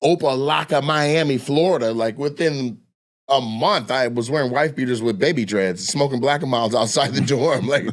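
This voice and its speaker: A man telling stories in a casual chat, animated and profane, acting out the voices of people he quotes. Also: mid-range voice, moderate pace. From Lacey, Washington. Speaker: comedian guest.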